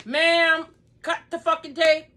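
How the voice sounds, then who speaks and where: A woman, a mother ranting loudly, swearing and laughing through tears. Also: extremely high pitch, little pitch movement, slow. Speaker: mother being pranked. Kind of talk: loud emotional rant.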